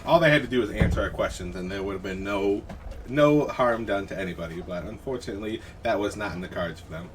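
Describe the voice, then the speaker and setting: A man playing a tabletop game, speaking in a calm, measured, matter-of-fact way. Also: lowish voice, background noise. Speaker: player. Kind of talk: casual tabletop role-play. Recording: distant from the mic.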